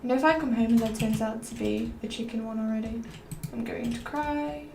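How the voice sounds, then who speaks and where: A higher-voiced woman streamer rambles and muses aloud, drifting from one thought to the next as she plays. Her voice sits a little away from the mic in a roomy space, with faint noise and keyboard typing underneath. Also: brisk, gravelly, darkish tone, distant mic. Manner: rambling, musing aloud, drifting between topics. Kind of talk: rambling gameplay stream chat.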